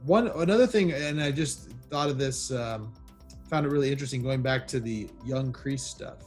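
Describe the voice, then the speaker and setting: Male panelist, mid pitch, measured and thoughtful, hesitant fillers, faint background music. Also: darkish tone. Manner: measured and thoughtful, many ums and uhs. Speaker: podcast panelist. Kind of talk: casual discussion of a TV show.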